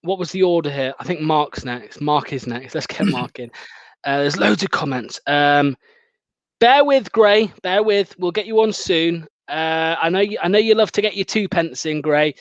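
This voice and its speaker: Upbeat high-voiced host on a lo-fi call. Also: male voice, normal speed, no room sound. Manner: chatty and upbeat, laughs often. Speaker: fan channel host. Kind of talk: casual live-stream chat. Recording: dull lo-fi dry stream audio.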